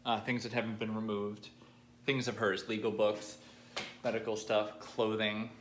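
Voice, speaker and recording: A young man recording a personal video diary, halting and emotional, choked up at times and pausing often with fillers. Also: lowish voice, little pitch movement, slight background noise. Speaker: vlogger.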